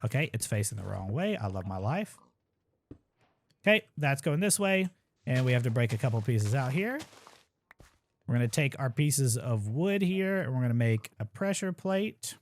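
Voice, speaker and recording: A young man at his computer at home, chatting through a game speedrun in a relaxed, thinking-aloud way. His voice sits at an ordinary middle pitch, and he drops dry little jokes at his own expense as he goes. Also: normal speed, slight background noise. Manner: casual, thinks aloud while playing, self-deprecating asides. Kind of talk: live gameplay commentary.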